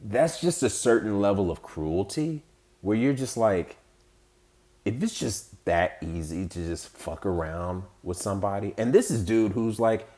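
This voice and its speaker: Man, low voice, podcast host, heated and profane, rambling rant. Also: expressive, a little slow, mellow. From United States. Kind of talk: casual political commentary.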